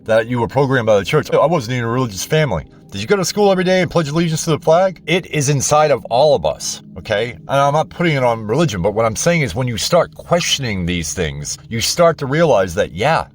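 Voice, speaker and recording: A man's voice: mid-range voice, animated, fairly quick, few pauses. A man hosting his own channel, delivering an impassioned, blunt spiritual monologue straight to his viewers. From United States. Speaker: channel host.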